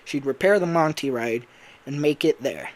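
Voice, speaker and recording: A man's voice: fairly high pitch, normal speed. Rambling young man telling a fan story. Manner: rambling, laughs at himself, many fillers. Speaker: voice actor and YouTuber. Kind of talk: casual storytelling about a fan game idea.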